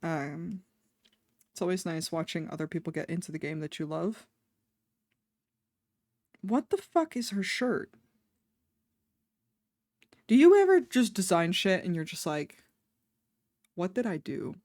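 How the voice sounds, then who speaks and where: A woman's voice: on the low side, expressive, a little slow, long pauses, a little mellow, no room sound, clean studio sound. A woman streaming casually, chatting with her viewers in a rambling, offhand way and swearing now and then.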